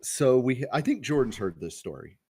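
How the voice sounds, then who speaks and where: A man's voice: mid-range voice, big pitch swings, moderate pace, darkish tone, husky. A young man co-hosting a podcast, telling a story in a loose, profane, casual way and acting out the quoted lines. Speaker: podcast co-host.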